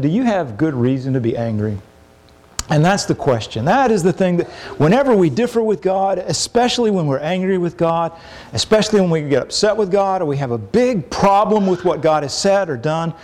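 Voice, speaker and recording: A middle-aged man preaching a sermon in a conversational way, acting out quoted complaints with sudden rises in pitch. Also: gravelly, a little mellow.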